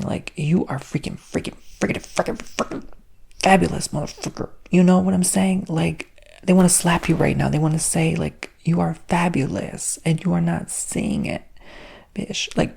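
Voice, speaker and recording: Sassy guy half-whispering asmr spiritual stuff, super gravelly, husky and breathy. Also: fairly high pitch. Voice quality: soft whispery delivery. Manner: sassy, flamboyant, swears casually. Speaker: ASMR host and spiritual reader.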